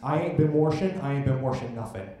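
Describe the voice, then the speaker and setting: A man's voice: medium pitch, fast talker, dark tone. A man from Johnstown, Pennsylvania, an audience volunteer speaking casually and hesitantly. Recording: echoey venue with crowd.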